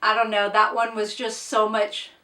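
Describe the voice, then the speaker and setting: A woman's voice: medium pitch, monotone, normal speed, sharp tone, distant mic. A woman chatting casually through a book wrap-up, blunt and opinionated, with plain asides to the viewer. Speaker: book reviewer. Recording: echoey room, off-mic.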